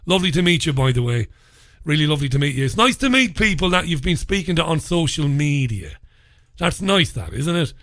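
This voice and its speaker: A man's voice: fairly high pitch, big pitch swings, a little fast, no room sound, clean studio sound. A man hosting a casual radio show, greeting listeners by name, getting over a head cold. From England. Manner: chatty, warm greetings to listeners, swears mildly. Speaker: radio host.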